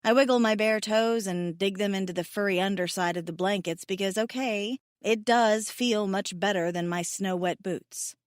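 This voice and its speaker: A woman's voice: mid-range voice, moderate pace, few pauses, no room sound, clean studio sound. Emotive woman narrating a romance audiobook. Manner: emotive, tearful, self-mocking.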